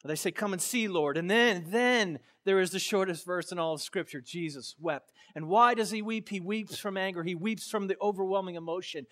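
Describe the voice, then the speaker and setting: A Florida pastor preaches a passionate sermon, shifting from quiet, low phrases to loud outbursts before casually telling a personal story full of fillers. He keeps a moderate pace with hardly any pauses.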